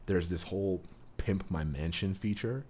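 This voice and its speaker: Deep-voiced man in rambling podcast chat. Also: normal speed, darkish tone, a little hiss or hum. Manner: rambling, self-amused, hedges with fillers. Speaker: podcast co-host. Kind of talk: casual chat.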